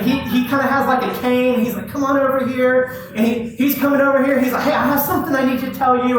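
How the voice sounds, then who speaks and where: A man's voice: very high-pitched, a little hiss or hum. A man, a youth pastor, giving a casual, conversational sermon and putting direct questions to his listeners. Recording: very echoey hall, distant mic.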